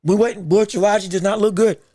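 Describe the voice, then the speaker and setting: A male podcast host giving live commentary on a boxing decision. He talks excitably, repeats himself, breaks into shouts, and greets viewers from the chat. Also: high-pitched, fast talker, dry recording.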